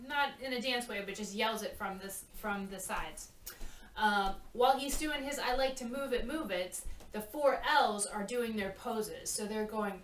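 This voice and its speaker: In an echoey room captured by a far-off mic, a female choreographer with a mid-range voice speaks a little slowly. She chats as she walks a youth cast through the routine, frequently checking in with "okay?".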